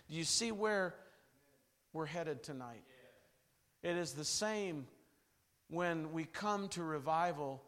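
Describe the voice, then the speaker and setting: A man preaching a revival sermon, telling stories dramatically and swinging from loud bursts to hushed lines. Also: on the high side.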